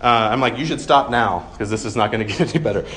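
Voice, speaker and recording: A man's voice: fairly low pitch, fast talker, very noisy. A man in his thirties preaching a sermon in a casual, conversational way, with self-deprecating humor and plenty of ums. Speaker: pastor.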